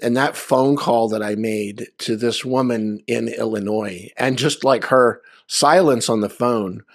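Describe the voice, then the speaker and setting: A man's voice: mid-range voice, a little slow, no echo, clean studio sound. A man sharing loose, conversational anecdotes at a memorial over a video call, with lots of fillers. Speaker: memorial speaker. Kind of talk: storytelling at a memorial.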